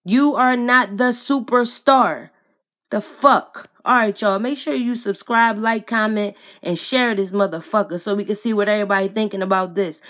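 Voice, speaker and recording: A woman's voice: mid-range voice, steady tone, moderate pace, hardly any pauses, fairly bright tone. A woman vlogger giving a blunt, profane, heated commentary to camera, speaking straight to the person she criticizes and to her viewers in slangy casual talk. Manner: addresses viewers directly, slangy.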